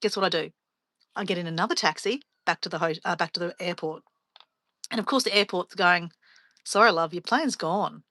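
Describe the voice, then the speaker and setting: A woman travel vlogger chatting on a live stream, her voice bright and forward. She rambles through stories and laughs easily. The sound is close and dry, with no room around it. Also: lowish voice, fairly quick, no room sound. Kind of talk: casual live stream chat.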